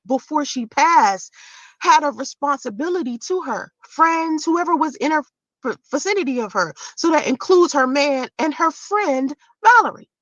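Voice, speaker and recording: A woman's voice: high voice, fairly bright tone, dry recording, muffled recording. A woman vlogger telling a story in a casual, profane rant, voice jumping into shrieks of disbelief.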